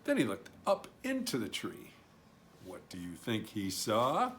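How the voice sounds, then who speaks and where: A man's voice: lowish voice, huge pitch swings, a little slow, a bit bright, slight background noise. Man reading a children's story expressively. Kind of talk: reading a picture book aloud.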